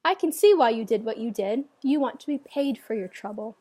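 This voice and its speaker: Patient village priest, gentle and instructive, read by a woman. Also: on the high side, expressive, brisk. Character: patient wise village priest, middle-aged man.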